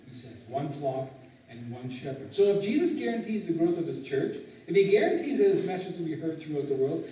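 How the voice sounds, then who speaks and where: A man's voice: high-pitched, dark tone. A man preaching a sermon as pastor, teaching and asking the congregation frequent questions. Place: church sanctuary, in Canada. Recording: very echoey hall, voice from a distance.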